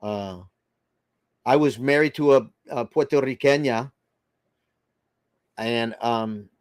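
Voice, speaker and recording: A man's voice: mid-range voice, takes it slowly, no room sound, studio quality. An older man hosting a casual livestream, chatting loosely and reading viewer comments aloud. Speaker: livestream host reading chat.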